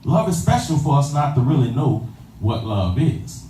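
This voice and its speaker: At a moderate pace, a man preaches in a warm, mid-range voice full of big pitch swings. Through call-and-response he repeats phrases and asks the congregation "you understand that?" The sound is distant and echoey, with faint ambience and a little hiss or hum.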